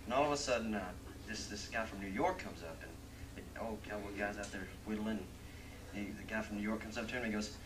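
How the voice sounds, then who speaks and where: A man's voice: lowish voice, fairly even intonation, fast, fairly bright tone, roomy sound. A man hosting a dinner theater show, telling a joke in a chatty way and laughing along. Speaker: master of ceremonies. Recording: distant camcorder, faint room noise.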